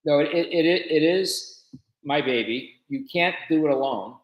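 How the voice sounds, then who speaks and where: A man with a fairly high voice tells a founder's story in a relaxed interview, acting out what others said to him. He sounds animated and talkative. The room adds a clear echo around his voice. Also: measured pace, dull audio. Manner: animated storyteller who quotes conversations. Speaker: business founder, guest.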